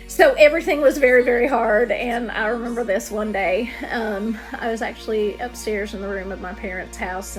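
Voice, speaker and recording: A woman singer-songwriter giving a personal testimony in an earnest, vivid storytelling manner. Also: mid-range voice.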